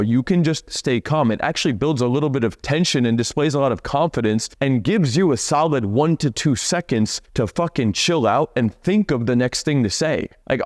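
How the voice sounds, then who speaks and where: A young man coaching on dating, talking bluntly and profanely, and dragging out key words slowly for emphasis. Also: medium pitch, a little mellow, no echo, clean studio sound. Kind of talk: direct-to-camera coaching talk.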